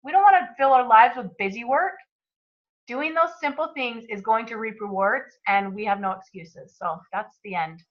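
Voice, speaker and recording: A woman's voice: on the high side, normal speed. A woman co-hosting an online book club, summing up a chapter in an upbeat, emphatic, motivational way. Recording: muffled, lo-fi audio.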